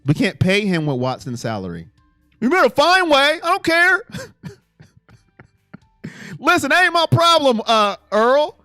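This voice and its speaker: A man hosting a casual sports live stream and reading out fan comments, animated, swinging between low mutters and loud exclamations. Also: unhurried, pauses often, no room sound, studio quality, faint music behind.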